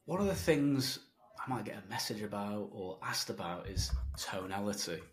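A man's voice: fairly low pitch, lively intonation, normal speed. A man hosting a podcast as a sales coach, explaining with confidence and joking examples. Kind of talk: conversational teaching.

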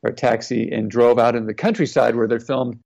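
Gravelly middle-aged man telling a story. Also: mid-range voice, steady tone, fairly quick, a little mellow. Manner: earnest, reflective, retelling quotes. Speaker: guest, former NFL player. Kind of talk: personal storytelling in an interview. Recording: slightly dull, lo-fi audio.

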